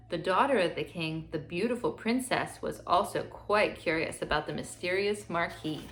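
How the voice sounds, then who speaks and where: A woman gently reading a fairy tale aloud to children in a steady storytelling manner. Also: fairly low pitch, moderate pace, few pauses, faint music behind.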